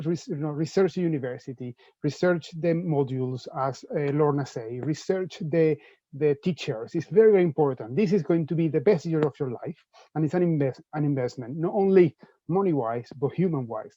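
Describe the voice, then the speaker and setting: A man's voice: fairly high pitch, a little fast, no room sound. Brief: Venezuelan man, Spanish-accented English, upbeat info-session talk, dry muffled call audio. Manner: animated, repeats words as he goes. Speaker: presenter for UK universities.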